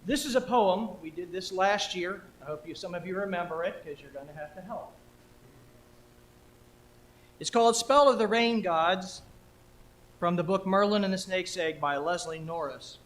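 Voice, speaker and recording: A man's voice: sits high, normal speed, long pauses, a bit bright, slight background noise. A man leading his congregation through a participatory poem, playful and coaching them along. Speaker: minister. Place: church sanctuary. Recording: roomy hall echo.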